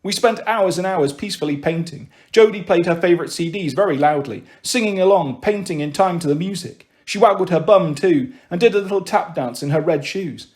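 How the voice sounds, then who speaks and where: A man narrating a children's novel in steady, clear storytelling. His voice sits high for a man. The reading is paced evenly. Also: a little fast, hardly any pauses. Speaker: audiobook reader.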